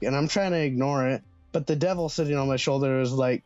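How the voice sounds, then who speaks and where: A man's voice: a little high, a little fast, darkish tone, no room sound, highs cut off, faint music behind. A young man telling a storytime vlog in a casual, slangy way, swearing freely. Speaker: vlogger.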